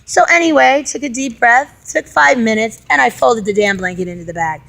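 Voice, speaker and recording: A young woman with a high voice talks straight to her viewers in a casual vlog. She tells her story in an exasperated, animated way, full of frustration and pleas for feedback. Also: a little fast, creaky. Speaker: vlogger.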